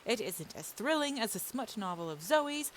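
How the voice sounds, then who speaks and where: A woman's voice: medium pitch, very animated, normal speed, close to an everyday voice. A woman playing Tilda, a polite young writer in a roleplay game, speaking in a gracious, letter-like way. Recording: faint hiss.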